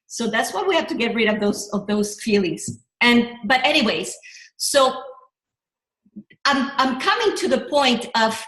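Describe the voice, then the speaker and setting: Middle-aged female coach, higher voice, rambling and animated, echoey room. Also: a little slow. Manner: animated, rambling, with restarts and self-corrections. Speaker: business coach. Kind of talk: motivational workshop talk.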